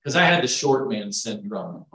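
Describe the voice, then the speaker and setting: A man preaching a sermon, swinging between hushed asides and loud emphasis. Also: on the low side, big pitch swings, normal speed. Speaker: pastor. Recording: echoey room, mic from far off.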